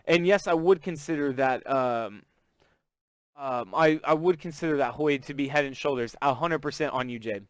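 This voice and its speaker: A man's voice: on the high side, moderate pace, smooth, no room sound. A man from Texas with a Southern accent, hosting a live trading stream in casual, chatty talk and greeting viewers by name. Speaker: forex trading stream host.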